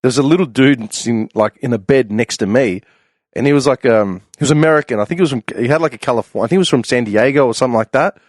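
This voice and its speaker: A young Australian man telling a casual story on a podcast, laughing often and loudly acting out the voices of people he quotes. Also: mid-range voice, quick pace, dry recording, clean studio sound. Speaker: podcast panelist.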